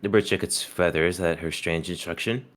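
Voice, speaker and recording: A man narrating a visual novel aloud in a steady, measured way. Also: deep voice.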